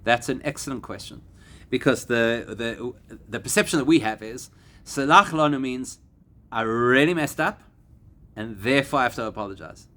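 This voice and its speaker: A man, a rabbi, giving a Torah class to a live audience, animated and climbing to emphatic peaks. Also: mid-range voice, normal speed. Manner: animated, rising to emphatic peaks and acting out quoted voices.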